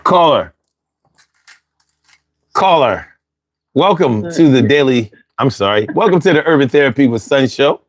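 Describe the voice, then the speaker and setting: A male call-in show host talks in AAVE with a lively, up-and-down voice. He swears freely and jokes around. The sound is close and dry. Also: mid-range voice, unhurried, long pauses, no echo. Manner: profane, animated, joking. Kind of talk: casual call-in talk show.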